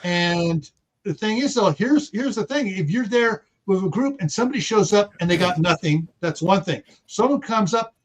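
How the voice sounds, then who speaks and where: A man's voice: high-pitched, animated, normal speed, rough recording. A man speaking as a podcast guest in a casual discussion, rambling and restarting often as he reasons aloud.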